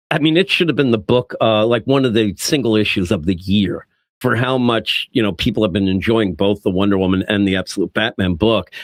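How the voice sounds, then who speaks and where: A man co-hosting a casual podcast chat, animated and quick to act out quoted lines. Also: on the low side, dry recording, clean studio sound. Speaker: podcast co-host reviewing comics.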